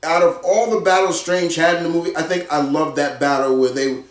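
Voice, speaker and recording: A man giving a casual spoken film review, excitable and repetitive, acting out his own reactions. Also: on the high side, fairly quick, echoey room, far from the mic. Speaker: movie reviewer.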